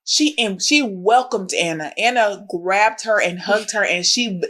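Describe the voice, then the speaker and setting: A woman's voice: mid-range voice, unhurried, a bit bright. A pregnant woman co-hosting a podcast, telling a story in casual chat and acting out the voices of the people in it. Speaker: podcast co-host.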